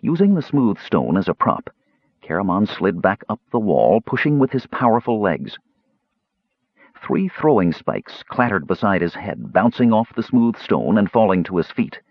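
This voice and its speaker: Husky, low-voiced male audiobook narrator. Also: very animated, moderate pace, no echo. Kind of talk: scripted fantasy narration. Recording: dull lo-fi dry audio.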